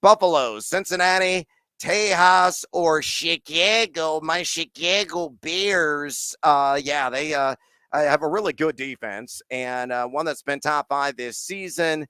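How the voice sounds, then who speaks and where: Brisk, bright-toned male host fielding live stream questions; energetic, slangy, lots of "uh" fillers; dry close sound. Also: on the high side, clear, resonant tone, dry recording. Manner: rapid, energetic, sports slang, frequent "uh" fillers. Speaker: fantasy football and betting host.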